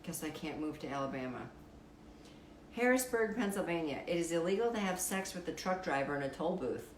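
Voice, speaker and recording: A woman with a deep, raspy voice hosting a casual live stream, reading out fun facts and viewer comments in a wry, playful way, swearing freely. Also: fast talker, echoey room, a little hiss or hum, rough recording.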